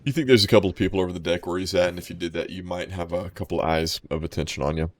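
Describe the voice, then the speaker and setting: A man's voice: deep voice, fairly even intonation, rapid-fire. A man narrating as game master in a tabletop game, rambling and descriptive. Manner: rambling, descriptive, many restarts.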